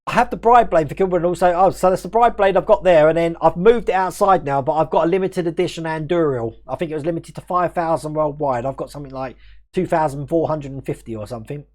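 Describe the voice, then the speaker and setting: Chatty Australian-English man, higher voice. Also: a little mellow. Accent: mixed Australian and English. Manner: chatty, laughs often, talks quickly. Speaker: live stream host. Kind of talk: casual live stream chat, reading viewer comments.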